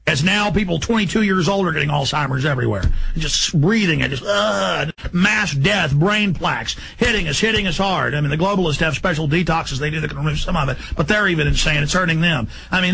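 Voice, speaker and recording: Talk radio host, man, gravelly and forceful, high-pitched agitated rant. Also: poor audio. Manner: agitated, rapid, emphatic ranting. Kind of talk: ranting talk radio monologue.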